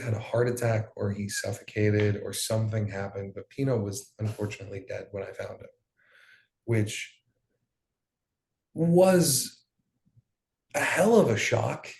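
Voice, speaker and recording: A man's voice: lowish voice, normal speed, gravelly, a little mellow. A young man giving an emotional personal account as an interview guest, in loose, profane storytelling with plenty of fillers. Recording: roomy echo.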